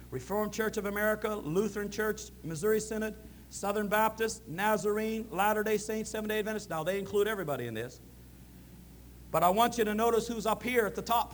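A man preaching a sermon as a minister, building to loud, emphatic peaks. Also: sits high, slight background noise.

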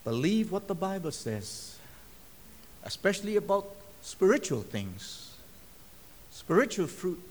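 Lively high-voiced male preacher. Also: a little slow, long pauses, slight background noise. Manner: storytelling, acting out quoted dialogue. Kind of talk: sermon testimony. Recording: long hall reverb.

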